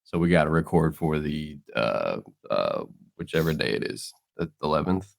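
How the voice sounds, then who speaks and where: A man's voice: rumbling low, sing-song, moderate pace, gravelly. A man co-hosting a podcast, telling rambling stories with lots of fillers and laughs, still getting over being sick. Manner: rambling storyteller, laughs often, many fillers. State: recovering from illness. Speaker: podcast co-host. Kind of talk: casual chat.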